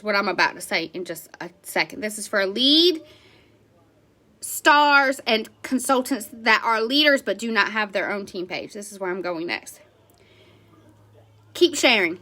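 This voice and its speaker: A woman's voice: fairly high pitch, sharp tone. A woman who directs a direct sales team, giving an emphatic motivational talk to her team and checking in with "right?" and "okay?".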